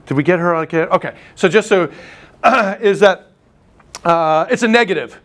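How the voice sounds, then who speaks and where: A man teaching a live real estate class, telling stories and teasing the room. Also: high voice. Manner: animated storyteller, teasing, quick asides. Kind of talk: live class lecture with anecdotes.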